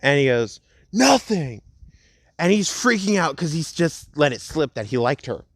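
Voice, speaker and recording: A young man at home casually narrating a fan story, rambling and laid-back, slowing down for the dramatic parts. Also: on the high side, big pitch swings, no echo.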